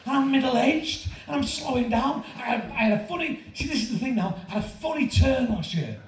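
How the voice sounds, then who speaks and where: A man, telling a profane, animated stand-up story to a laughing audience. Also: extremely high pitch, brisk, slight background noise. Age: 50s. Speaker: stand-up comedian. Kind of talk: stand-up routine. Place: large comedy venue with audience laughter. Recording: echoey venue recorded from far off with crowd.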